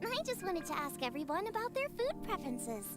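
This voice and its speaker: A woman voicing a tiny, excitable floating fairy companion who talks about herself in the third person. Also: very high voice, brisk. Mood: eager. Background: game music.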